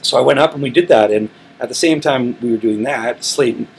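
A man talks easily about his music, voice at a middle pitch, restarting his sentences as he goes. There is a faint hiss of room noise behind him. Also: brisk, vocal fry, low-quality recording. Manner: relaxed, rambling storytelling with frequent restarts. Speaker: musician, interview guest. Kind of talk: casual interview talk. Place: recording studio.

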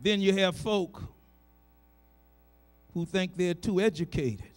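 A middle-aged man preaching a sermon in a church, building from talk to shouted cries and repeating phrases for emphasis. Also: high-pitched, slow, clear, resonant tone, soft background music.

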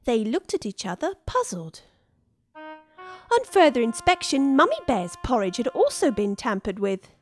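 Lively slow woman storyteller. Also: a little high. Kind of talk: children's story narration. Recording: dry studio with soft music.

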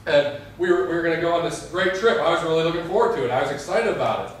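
A man's voice: fairly high pitch, lively intonation, very fast, slight background noise. A young adult man, a pastor, preaching an earnest sermon and telling stories with quoted prayers. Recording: echoey hall, mic far off.

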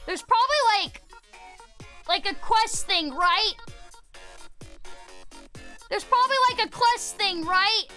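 A woman streaming a game, chatting casually with her viewers, excitable, repeating herself and swearing. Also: extremely high pitch, takes it slowly, long pauses, soft background music. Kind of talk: casual gameplay commentary.

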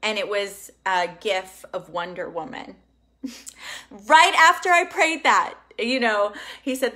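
Bright-voiced excitable woman workshop host. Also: mid-range voice, a little slow. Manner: emphatic, excitable, casual with swearing. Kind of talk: live online workshop teaching.

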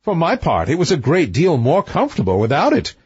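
A petulant young storybook princess, as a man puts her on, in a lifted, complaining tone. The voice is husky and moves lively in pitch. The recording is dry and lo-fi. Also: a little fast, dry recording, exaggerated voice.

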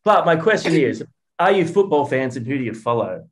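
A man's voice: fairly high pitch, sing-song, a little fast. An Australian man co-hosting a casual interview, playful and self-mocking. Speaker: podcast co-host.

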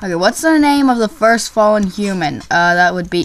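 A young woman commenting on her own gameplay, excitable and quick to yelp and shriek when things go wrong. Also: medium pitch, slight background noise. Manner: excitable, yelps and shrieks at failures. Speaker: gaming YouTuber.

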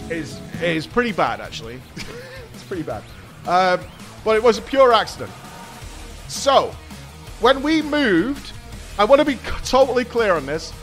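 A British man in his thirties hosting a podcast, telling a story in a casual, animated way and swearing freely. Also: sits high. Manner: animated, swears, laughs while telling stories. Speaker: podcast host.

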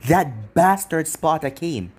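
A man's voice: fairly high pitch, lively intonation, slow, husky, exaggerated voice. Nevan, a sly teasing demoness, read by a man. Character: seductive scheming demoness witch, sly and teasing.

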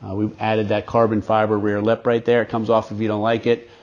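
A man's voice: on the low side, completely flat delivery, fairly quick, a little mellow, dull audio. A man hosting a car walkaround video, talking in an enthusiastic, chatty salesman manner. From United States. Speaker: car dealer host. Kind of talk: casual walkaround presentation.

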